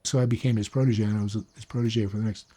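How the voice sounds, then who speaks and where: A man telling a personal story about finding a mentor, animated and emphatic, rising in intensity when making his points. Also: fast. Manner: animated storyteller, rises high when preaching. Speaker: speaker on mentorship. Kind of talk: storytelling talk.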